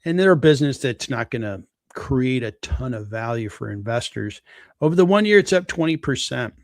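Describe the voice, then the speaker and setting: A man hosts a live stream of casual stock analysis, walking through a company's valuation at a moderate pace in a medium-pitched voice. He's relaxed, thinks aloud with fillers, and the studio-quality audio has no room sound.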